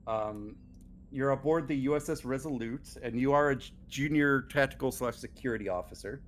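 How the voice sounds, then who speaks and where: A man's voice: medium pitch, moderate pace, a little hiss or hum. A man narrating as game master of an online tabletop role-playing game, talking casually with fillers and restarts. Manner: relaxed, with many fillers and restarts.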